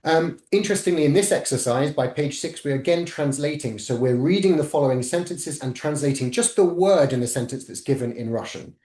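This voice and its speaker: A man's voice: fairly high pitch, a little fast, hardly any pauses, dark tone, reverberant. A man giving an academic webinar talk, methodically walking listeners through slides. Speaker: webinar presenter.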